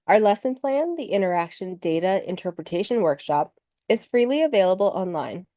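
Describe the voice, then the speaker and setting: A woman presenting slides in a webinar, explaining in a measured way, with a slight cough that makes her clear her throat. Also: medium pitch, sing-song, dark tone, dry recording.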